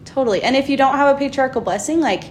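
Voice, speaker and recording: A woman's voice: high voice, fast, slight background noise. A young woman co-hosting a podcast in casual chat, talking earnestly and with enthusiasm. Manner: earnest, enthusiastic, animated in quoted speech. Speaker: podcast co-host.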